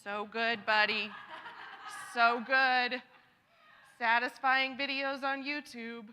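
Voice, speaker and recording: A bright, forward woman's voice leads a church gathering, chatty and encouraging with frequent laughter. Her slightly high voice rings out with the long reverb of a church hall. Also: level tone, slow pace, clean tone. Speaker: church worship leader. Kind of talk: leading a congregation sharing time. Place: church sanctuary.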